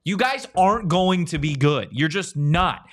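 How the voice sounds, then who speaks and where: Man, sports talk host, brash, mocking, lively swooping pitch, fairly high voice. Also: measured pace. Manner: brash, mocking, swears freely.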